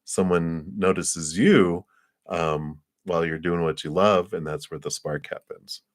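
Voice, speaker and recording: A man's voice: low voice, fairly even intonation, unhurried, dry recording, studio quality. A man giving a live tarot card reading in a casual, chatty way, laughing often and acting out little scenes. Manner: acts out little scenes in quoted voices.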